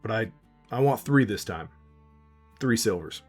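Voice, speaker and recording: Blunt vain sellsword, a man reading it gruff and dry in a low voice, tabletop game. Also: lively intonation, unhurried, darkish tone, soft background music. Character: pipe-smoking veteran sellsword, vain and blunt.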